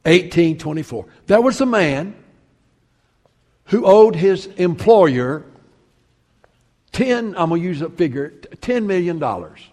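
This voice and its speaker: A fairly high-voiced man preaching to his congregation. He tells a story with sudden loud stresses and then drops to near hushed lines. His voice rings out with a long reverb, as in a large church hall. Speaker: pastor. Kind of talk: sermon.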